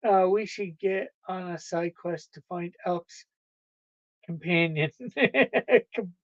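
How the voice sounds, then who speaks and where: A woman's voice: lowish voice, takes it slowly, dry recording, lo-fi sound. A woman hosting a livestream, chatting casually with viewers, rambling and laughing often. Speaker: livestream host.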